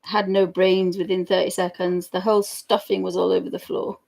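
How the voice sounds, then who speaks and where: Chatty woman with a gravelly voice. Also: on the low side, little pitch movement, normal speed, a little mellow. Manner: chatty and giggly, rambling. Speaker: digital artist streamer. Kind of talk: casual chat while drawing live.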